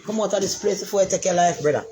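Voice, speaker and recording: A woman's voice: medium pitch, racing, warm tone, soft background music. A middle-aged woman with a Jamaican accent, telling her life story in casual patois and repeating phrases for emphasis.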